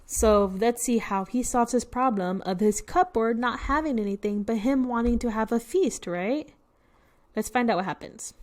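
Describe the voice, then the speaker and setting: A woman's voice: on the high side, moderate pace, a little mellow. A woman reading a picture book to children, patiently explaining words and asking questions. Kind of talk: read-aloud lesson.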